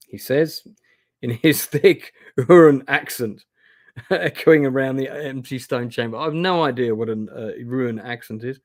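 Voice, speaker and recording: A man's voice: mid-range voice, a little slow, no echo, clean studio sound. A man hosting a live gamebook playthrough, reading aloud and making chatty, self-deprecating asides. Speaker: host playing a gamebook live. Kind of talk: casual live-stream narration. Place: indoor room.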